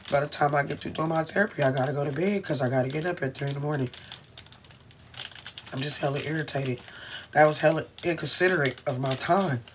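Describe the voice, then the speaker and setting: A man in pain vents his frustration in a rambling, profane stream and talks to his camera from inside a car. His voice sits a little high for a man. A faint hiss of noise runs underneath. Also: fairly quick. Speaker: vlogger. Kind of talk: emotional venting to camera.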